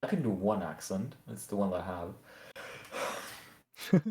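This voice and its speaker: A man with a regional British accent and flat vowels, hosting a casual livestream chat with short, dry replies. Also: fairly low pitch, unhurried. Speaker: streamer host. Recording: roomy, echoey sound.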